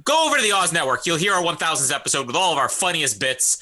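A man with a very bright, animated voice hosts a casual movie podcast. His pitch sits a little high and swings widely as he jokes with his co-host. He laughs often and talks in loose, chatty bursts. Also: fast.

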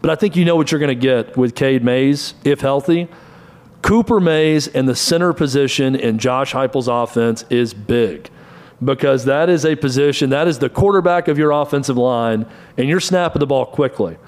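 With a mid-range, darkish voice, a middle-aged male sports talk host covers college football. His delivery is brisk, spitting out stats in clipped bursts.

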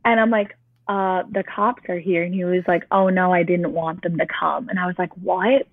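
A woman's voice: fairly low pitch, steady tone, moderate pace, dry recording. Chatty young woman on a tinny line. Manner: chatty, peppered with "like". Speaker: guest sharing her testimony. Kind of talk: casual personal storytelling. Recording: tinny phone-line sound, dry.

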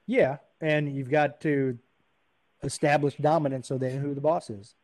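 A man's voice: on the high side, steady tone, normal speed, darkish tone, dry recording. A man co-hosting a podcast, chatting in an agreeable way. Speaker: podcast co-host. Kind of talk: casual chat.

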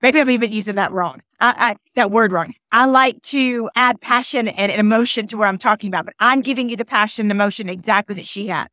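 A woman's voice: mid-range voice, quick pace, few pauses, pushed and bright, no echo, clean studio sound. A passionate woman, stuffy and nasal from a cold, telling a personal story on her podcast with emphatic repeats. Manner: emphatic, repeats phrases, restarts often. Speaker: podcast host and motivational speaker. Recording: outdoors in rain.

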